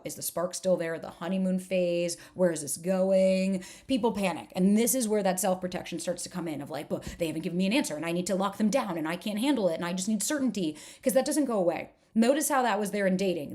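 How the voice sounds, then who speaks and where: A woman's voice: medium pitch, a little mellow. Woman relationship coach doing a live workshop, blunt, swears a bit, lots of rhetorical questions. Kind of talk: live online workshop presentation.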